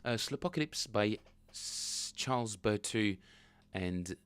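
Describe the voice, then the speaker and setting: Male streamer, slightly low voice, loose rambling chat with viewers. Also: lively intonation, slow, a bit bright, smooth, no echo, soft background music. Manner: rambling, thinking aloud, chatting with viewers. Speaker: bass player streaming practice. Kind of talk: casual livestream chat.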